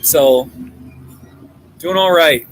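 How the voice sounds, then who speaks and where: A man's voice: a little high, extremely slow, slight background noise, low-quality recording. Chatty man rambling on a live stream. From Colorado. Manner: rambling, chatty, answers viewer comments. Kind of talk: casual live-stream chat. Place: coffee shop.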